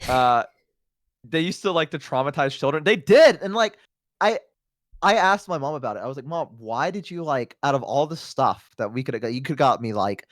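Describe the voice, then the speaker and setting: A man's voice: mid-range voice, a little fast, no room sound, studio quality. A man chatting casually as a stream guest, telling rambling stories full of fillers. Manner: animated rambling storytelling, lots of "like". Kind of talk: casual chat on a collab stream.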